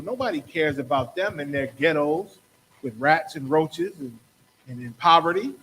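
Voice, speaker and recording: A high-pitched man preaching hard as host of a talk show, rhetorical and fired up, slipping into other voices to act out what people said. A faint ambient hum sits behind him. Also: lively intonation, moderate pace, a bit bright, rough recording. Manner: preachy, rhetorical, acts out quotes. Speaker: podcast host. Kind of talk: impassioned religious commentary.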